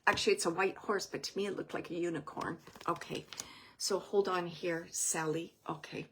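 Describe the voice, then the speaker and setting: Gentle woman giving a card reading. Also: fairly low pitch, steady tone, normal speed, slight background noise. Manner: gentle, reassuring, thinking aloud with many fillers. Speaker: oracle card reader and medium. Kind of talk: intuitive card reading for a viewer.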